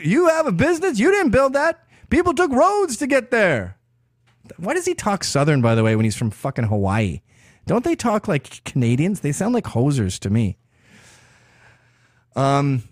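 A man's voice: a little high, no room sound, clean studio sound. A man hosting a podcast, delivering a brash, crude and sarcastic opinion monologue. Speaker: podcast host.

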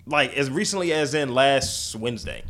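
A man's voice: medium pitch, normal speed. A man co-hosting a casual podcast chat with a Baltimore accent, swearing and mimicking people as he tells stories. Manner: animated, profane, mimics people mid-story. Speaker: podcast co-host.

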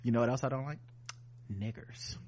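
A man voicing a bigoted male surgeon who mutters quietly and offhandedly while he operates. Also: medium pitch, a little fast, voice pushed down, close to an everyday voice. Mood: muttering, deadpan.

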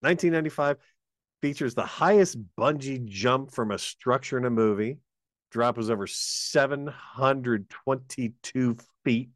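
A man with a lowish voice chats about films and reads out trivia. He laughs easily and keeps a casual tone, recorded close and dry with no room sound. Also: dry recording. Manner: chatty, laughs often, reads trivia aloud. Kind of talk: casual movie chat.

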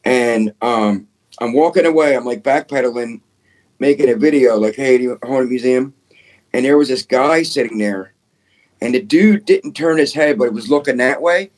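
Excitable man telling a ghost story. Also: mid-range voice, normal speed. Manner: excitable, peppered with "dude" and "man", swears. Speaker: podcast guest, paranormal investigator. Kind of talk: casual storytelling.

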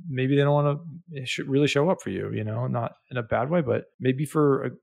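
A man in a casual interview tells his story in a loose, rambling way, often stopping to restart his thoughts. His voice sits at an ordinary middle pitch. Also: brisk, gravelly, a little mellow. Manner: rambling, heavy on filler "like" and "you know". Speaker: podcast guest.

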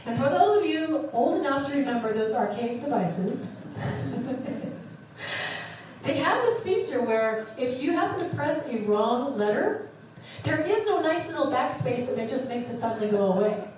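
A middle-aged woman therapist giving an animated teaching talk, acting out the voices she quotes. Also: sits high, unhurried, recorded from a distance, slight background noise. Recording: very echoey room, voice from off the mic.

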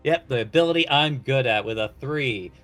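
A man's voice: mid-range voice, normal speed, a bit bright, soft background music. A young man playing in a tabletop game, loose and playful, laughing often. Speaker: player. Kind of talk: casual tabletop play.

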